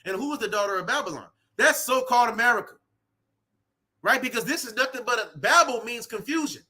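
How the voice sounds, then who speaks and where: High, bright-voiced fervent male preacher. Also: very animated, brisk. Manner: fervent, repetitive, peppered with "man" and "right". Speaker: street preacher. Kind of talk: impassioned sermon with scripture reading. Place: outdoors in cold weather.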